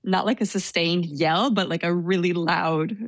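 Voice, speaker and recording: A woman telling a story in casual conversation, soft-spoken and hesitant with many fillers. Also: on the low side, steady tone, measured pace, no echo. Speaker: storyteller guest.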